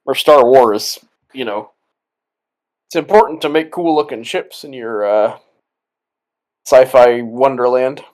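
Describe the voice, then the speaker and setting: A man in casual movie-commentary mode, a little tipsy and loose. He rambles, restarts his sentences and keeps breaking into laughter. His voice sits at a middle pitch. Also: a little slow, long pauses, darkish tone, poor audio. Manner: rambling, trailing off, laughing often. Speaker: co-host of a movie watch-along.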